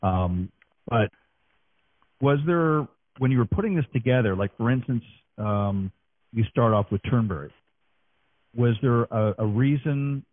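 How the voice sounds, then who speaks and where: A man's voice: medium pitch, expressive, measured pace, pauses often, dry recording. A man hosting a radio interview, asking long, winding questions. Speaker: radio host. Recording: tinny phone line.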